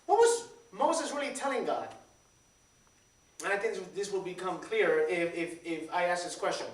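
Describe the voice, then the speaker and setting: A man's voice: sits high, moderate pace. Pastor guy, 30s, chatty sermon, roomy church sound, mic kinda far off. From Puerto Rico. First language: Spanish. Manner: lively, repeats words, questions the congregation. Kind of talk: conversational sermon. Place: church sanctuary. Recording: echoey church, distant mic.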